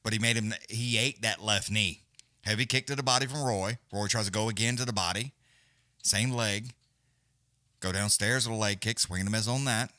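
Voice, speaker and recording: A man's voice: fairly low pitch, moderate pace, sharp tone, no echo. A man giving loose, profane, casual live fight commentary as a companion-stream host. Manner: profane, blunt, loose, Southern-leaning slang.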